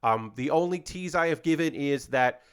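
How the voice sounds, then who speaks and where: A man's voice: a little high, moderate pace, clear, resonant tone. A male comedian and host in casual chat, rambling and self-deprecating as he talks through his ideas.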